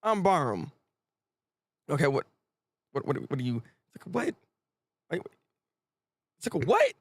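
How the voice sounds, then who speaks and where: A man hosting a live manga reaction stream, talking in excitable, exclamatory, slang-filled rants. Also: on the high side, moderate pace, husky, no echo.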